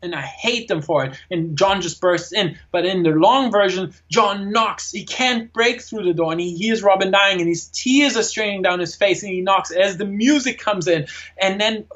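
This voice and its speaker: A man hosting a casual film discussion, retelling scenes with animated energy and acting out the lines. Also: high-pitched, normal speed. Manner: animated retelling, acts out quotes. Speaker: film reviewer and host. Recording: dull lo-fi sound.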